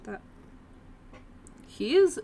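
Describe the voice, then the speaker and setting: A woman's voice: drawn-out words, mellow. Chatty young woman talking to her cat. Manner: chatty, talks fondly to her cat while playing. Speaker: gaming video creator. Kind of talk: casual gameplay chat.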